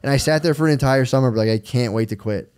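Fast-talking laid-back man. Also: mid-range voice, smooth. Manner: animated storytelling, profane, acts out quotes. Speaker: podcast co-host. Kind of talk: casual chat.

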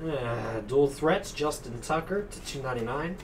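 A man hosts a card break, rattling off teams and cards with a jokey, easygoing patter. He sits back from the microphone, so he sounds distant. A clear hum of room noise runs behind him. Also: medium pitch, lively intonation, normal speed. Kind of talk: casual live card-break chat. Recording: distant mic with noisy room.

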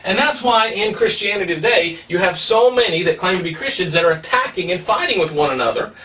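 Man preaching, bright sharp voice, kinda distant from the mic, lots of rhetorical questions. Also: high-pitched, expressive, quick pace. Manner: emphatic, plain-spoken, uses rhetorical questions. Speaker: pastor. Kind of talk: sermon.

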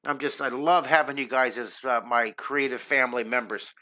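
A man's voice: medium pitch, fairly even intonation, normal speed, sharp tone. A middle-aged man hosting a live drawing lesson, chatting upbeat and encouraging with his viewers as he draws. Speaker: drawing teacher and host.

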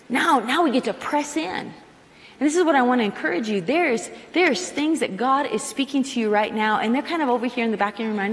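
A middle-aged woman preaches with a fairly high, animated voice, slipping into little acted-out prayers as she talks. Her voice rings out in a large hall with a long reverb trailing each phrase. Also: fairly quick. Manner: animated, acts out prayers in quoted asides. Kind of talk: sermon. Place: large hall with live audience.

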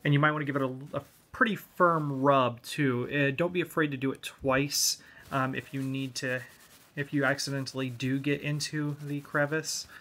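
A man's voice: mid-range voice, steady tone, normal speed, bright, forceful tone. Laid-back man explaining hobby steps. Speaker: model kit hobbyist. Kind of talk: hobby tutorial.

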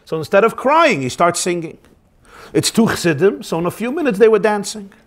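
High-voiced man teaching a religious class. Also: fairly quick. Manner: expressive, emphatic, switches between speaking and quoted voices. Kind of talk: religious lecture with storytelling.

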